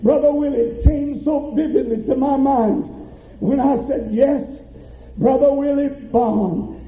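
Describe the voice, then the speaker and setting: Pastor, male, high voice, slow fervent sermon, tinny echoing church recording. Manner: preaching with rising fervor and drawn-out emphasis. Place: church sanctuary. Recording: echoey church, tinny phone-like audio.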